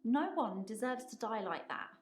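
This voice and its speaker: An actress in her twenties playing a soft-spoken nurse in a video game, quiet and subdued. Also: on the high side, animated, moderate pace, faint music behind, natural voice. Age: 20s.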